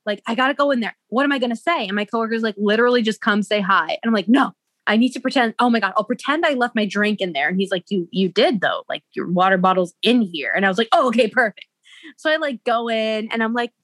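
A woman's voice: fairly high pitch, fast talker, a bit bright, dry recording. A young woman co-hosting a podcast, telling a story in a bubbly, giggly way full of "like" fillers. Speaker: podcast co-host. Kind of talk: casual storytelling chat.

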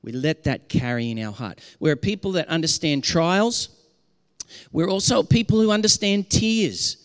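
A man's voice: fairly high pitch, moderate pace, long reverb tail. A man preaching a sermon as pastor, earnest and impassioned, often restarting his sentences.

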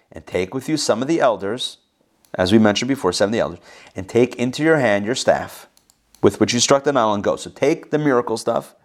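A man teaching a Bible passage, reading verses aloud and breaking in with casual explanations and asides. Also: mid-range voice. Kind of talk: reading scripture with commentary.

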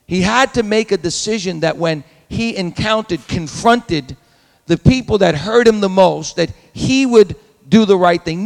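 Man preaching, high gravelly voice, dramatic, long hall reverb. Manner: dramatic, acts out the voices of biblical figures. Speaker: pastor. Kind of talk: sermon.

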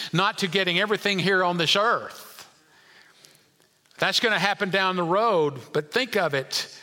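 A male pastor preaching a sermon, dropping to quiet asides and climbing to emphatic points while questioning the congregation. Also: high voice, in a large hall.

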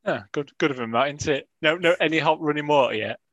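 A man's voice: fairly high pitch, fast talker, a bit bright, lo-fi sound. A man chatting football on a podcast in wry, blunt dialect. The sound is close and dry, with no room echo. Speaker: podcast co-host. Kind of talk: casual football chat.

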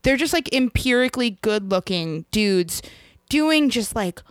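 A woman co-hosting a podcast, chatting and joking with an animated delivery. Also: a little high, clear, resonant tone, no room sound, studio quality. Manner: joking, animated, does quick silly voices. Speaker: podcast co-host. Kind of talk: casual chat.

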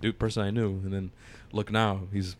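A man's voice: fairly low pitch, little pitch movement, moderate pace. Rambling, profane young man telling stories. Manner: rambling, profane storytelling with many restarts. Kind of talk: casual chat.

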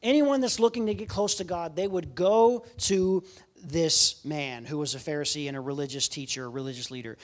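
High-voiced man preaching animated sermon. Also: normal speed. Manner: animated storytelling, swings from loud to quiet. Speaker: guest preacher.

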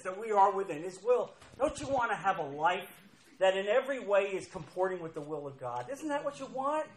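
A man's voice: high-pitched, low-quality recording. A man preaching a sermon, emphatic and repeating key phrases as he reads scripture aloud. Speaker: pastor.

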